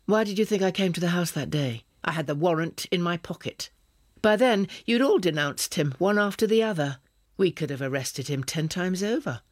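A man's voice: sits high, expressive, normal speed, dry recording, clean studio sound, voice pushed up. A man reading an audiobook, voicing a cold, sly secret police officer who speaks clipped and smug.

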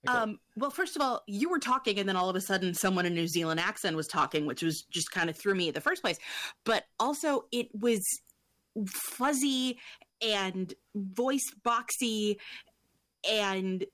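A woman's voice: medium pitch, animated, normal speed, a bit bright, no echo. Woman, panelist, casual chat, self-deprecating, dry close mic.

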